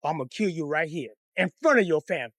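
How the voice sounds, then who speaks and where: A man's voice: fairly high pitch, expressive, racing, fairly bright tone, dry recording, studio quality. A man voicing a menacing debt collector who threatens bluntly and profanely.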